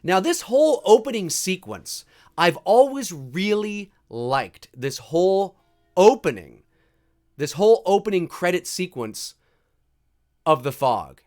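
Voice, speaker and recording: A man's voice: high-pitched, sing-song, measured pace, darkish tone. A man hosting a live movie commentary stream, chatting casually and reading viewer comments aloud. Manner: casual, chatty, restarts and fillers, reads chat aloud.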